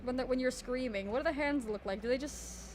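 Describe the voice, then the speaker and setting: A woman streamer chats casually while she draws during a live stream, mocking herself and often trailing off to restart. Her voice is high and a little fast, with slight background noise.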